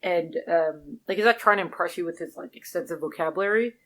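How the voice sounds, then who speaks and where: A woman co-hosting a podcast, talking through a book in a relaxed way with frequent fillers. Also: fairly low pitch, quick pace. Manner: relaxed, filler-heavy, easygoing. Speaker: podcast co-host. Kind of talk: casual book discussion.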